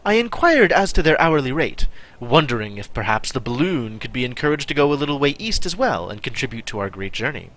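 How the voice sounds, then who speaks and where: A male streamer reading a text adventure out loud and commenting on his choices in a wry, chatty way. His voice is bright and lively, moving up and down in pitch. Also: brisk. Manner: wry, chatty asides while reading aloud. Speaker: streamer playing a text game. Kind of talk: live game play with narration.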